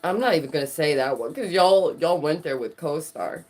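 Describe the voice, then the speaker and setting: A woman vlogger riffs through casual commentary. She is sarcastic and animated and laughs a lot. Her voice sits a little low. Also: moderate pace, slight background noise.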